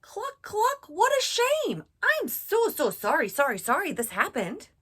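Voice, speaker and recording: A fussy storybook hen with a high, bright clucking voice that repeats itself as it fusses. The pitch jumps way up and down. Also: female voice, big pitch swings, a little slow, full character voice. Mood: sympathetic.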